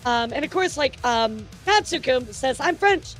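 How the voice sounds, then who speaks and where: A woman streamer chatting casually through the news with her viewers, rambling and excitable, often stammering and swearing. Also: fairly high pitch, normal speed, soft background music.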